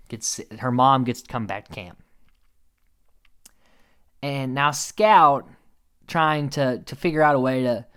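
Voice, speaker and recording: A man giving a casual, animated recap commentary, chatty and laughing often. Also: mid-range voice, smooth. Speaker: show recap host.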